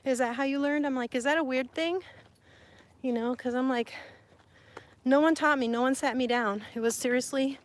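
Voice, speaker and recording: A woman from Sonora chatting casually with live viewers, animated and quick to laugh. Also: high voice, rough recording. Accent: Sonoran Spanish influence. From Mexico (Sonora). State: hot and sweating. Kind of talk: casual live-stream chat.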